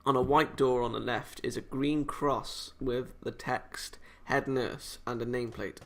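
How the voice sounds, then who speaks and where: A man's voice: mid-range voice, fairly even intonation, moderate pace, vocal fry, fairly bright tone. A man hosting a casual let's-read of a visual novel, reading the text aloud with chatty, self-mocking asides.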